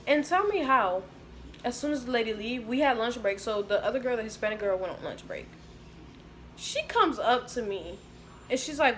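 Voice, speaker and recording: A young woman telling a storytime to her viewers, animated and slangy. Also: on the high side, moderate pace, a little hiss or hum. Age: young adult. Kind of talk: casual storytime.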